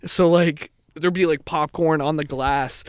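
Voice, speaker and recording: Young guy cohosting a chat podcast, kinda high voice, says like a lot, laughs mid story. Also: fairly even intonation, unhurried, background noise. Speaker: podcast co-host. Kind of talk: casual chat.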